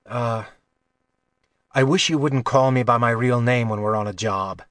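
A man voicing a young thief in his own voice, low, calm and dry-humored, in an audiobook. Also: a little slow, no echo, lightly acted. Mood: wry. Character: young male thief, wry and quietly confident.

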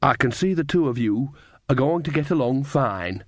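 A man's voice: medium pitch, expressive, moderate pace, no room sound, clean studio sound, natural voice. A man voicing an earthy, chatty old witch woman in an audiobook. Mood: blunt. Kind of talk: audiobook character voice.

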